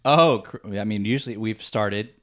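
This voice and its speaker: Man, young adult, from the Midwest US, podcast co-host, casual rambling chat, lowish pitch. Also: normal speed, a bit bright. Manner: easygoing, rambling, many fillers.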